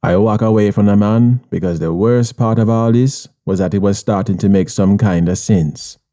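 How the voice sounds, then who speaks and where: A man's voice: fairly low pitch, normal speed, dark tone. A man with a Jamaican accent narrating an audiobook in first person, hard, streetwise and profane.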